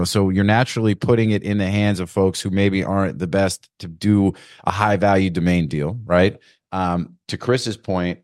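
A man's voice: low voice, no room sound, clean studio sound. A man hosting a casual panel discussion, rambling with many fillers and retelling stories with energy.

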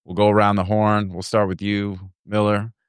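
Super low voiced guy hosting a podcast, smooth and clear, rambly and laid back. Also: flat delivery, normal speed, no room sound, studio quality. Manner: loose, rambling, swears casually. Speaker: podcast host. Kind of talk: casual chat.

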